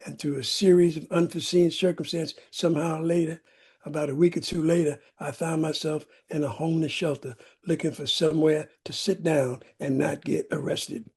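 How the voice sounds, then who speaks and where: Husky, mellow-voiced man from California telling his recovery story. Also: on the high side, level tone, normal speed. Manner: dramatic storytelling with emphatic repetition. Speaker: recovery speaker. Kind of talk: personal recovery testimony. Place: meeting room.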